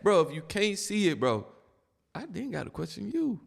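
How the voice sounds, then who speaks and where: A man's voice: sits high, huge pitch swings, moderate pace, gravelly, in a large hall. A man giving casual reaction commentary in a blunt, slangy, exasperated manner.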